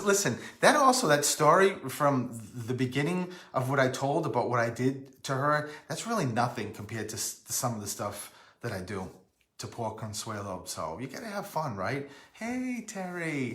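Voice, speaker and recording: A man's voice: mid-range voice, big pitch swings, moderate pace, a bit bright, reverberant. A man from Rhode Island hosting a casual live stream, rambling and breaking off to greet viewers by name.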